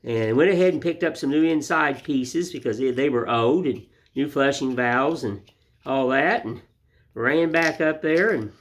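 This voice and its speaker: A man hosting his woodcarving channel from an indoor wood shop, chatting to viewers in a folksy, rambling way as he whittles. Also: a little high. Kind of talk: casual folksy talk to viewers while whittling.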